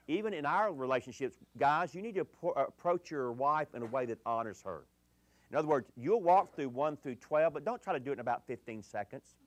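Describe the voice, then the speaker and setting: A middle-aged man preaching to a gathering about marriage and dating, telling stories earnestly and dropping low and quiet in the sad parts. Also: no room sound.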